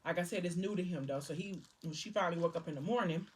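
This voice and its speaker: A woman's voice: lowish voice, quick pace, far from the mic, a little hiss or hum. A woman casually recapping a novel's scenes while eating, slipping into the characters' lines with "he was like" and "she was like". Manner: retells scenes loosely, quoting characters with "he was like". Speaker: book vlogger.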